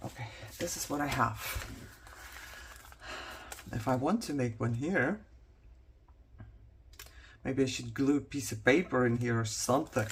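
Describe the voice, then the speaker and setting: A woman's voice: very deep voice, a little hiss or hum. A woman vlogger chatting casually to herself and viewers as she works on a craft project, joking about how tired she is. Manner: chatty, self-mocking, talks to herself while working.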